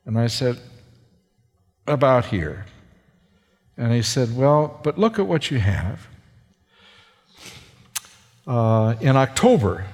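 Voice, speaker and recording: Slow-speaking man preaching in a reverberant hall. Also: mid-range voice, a little mellow. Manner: slow and halting, with many fillers and restarts. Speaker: seminary professor and preacher. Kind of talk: sermon testimony with slides.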